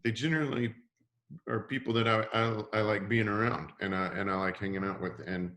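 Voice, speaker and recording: A man's voice: lowish voice, fairly even intonation, a little fast, fairly bright tone. A man hosting a team call, rambling casually with many restarts and "you know". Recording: echoey room sound.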